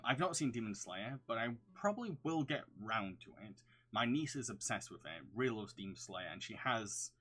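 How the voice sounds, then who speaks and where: A man's voice: on the low side, a bit bright, breathy edge. A young man from the north of England, a video reviewer chatting casually through viewer questions on a livestream, rambling and humming filler syllables between them.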